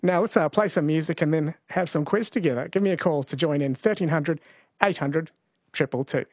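A man hosts late-night radio in a fairly high, easy voice. He talks in a chatty, relaxed way, reading texts from listeners. The studio sound is dry and close, with no room echo. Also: brisk. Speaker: overnight radio host. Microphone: studio microphone.

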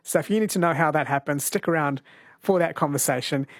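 A man's voice: a little high, fast talker, dry recording, clean studio sound. A man hosting a radio show in a friendly, chatty way, laughing easily with his guest. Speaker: radio host. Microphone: studio microphone.

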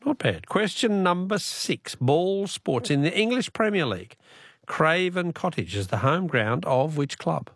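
Chatty Australian male radio quiz host, jokey, voice bouncing up and down, slightly higher pitched. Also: very animated, a little slow, breathy edge, no echo, clean studio sound. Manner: jokey, laughs often, chatty.

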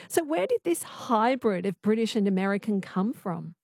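A woman's voice: mid-range voice, very animated, moderate pace, gravelly, a little mellow, slightly rough, dry recording, studio quality. Chatty Australian woman hosting late-night radio. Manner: chatty, inviting listeners in. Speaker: radio host. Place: radio studio.

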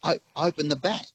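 A man's voice: fairly high pitch, husky, no echo, low-quality recording. Easygoing man calling in. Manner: easygoing, jokey. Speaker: caller.

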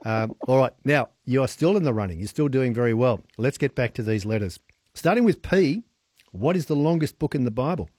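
A man's voice: mid-range voice, lively intonation, brisk, a little mellow, no echo. Aussie guy hosting a radio quiz, upbeat and chatty, dry close studio sound. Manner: chatty, upbeat, laughs often.

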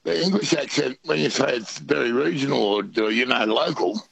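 A man's voice: medium pitch, brisk, vocal fry, fairly bright tone, husky, rough recording. A man with an Australian accent calling in to a radio show, chatting in a laid-back way with lots of fillers and slang. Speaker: radio caller. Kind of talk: casual call-in chat.

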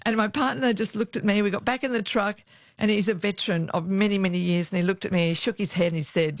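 Casting: woman, ex-cop guest, anecdotal and lively, dry close sound. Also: medium pitch, quick pace, no echo. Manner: lively anecdotal, acts out voices in quotes. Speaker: former police officer, guest. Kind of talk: storytelling interview.

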